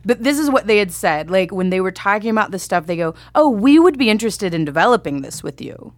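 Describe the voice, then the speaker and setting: A woman's voice: medium pitch, animated, fast talker, dry recording. A woman casually telling a story in conversation, chatty and self-deprecating, with many fillers and laughs. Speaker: comedy writer telling a story.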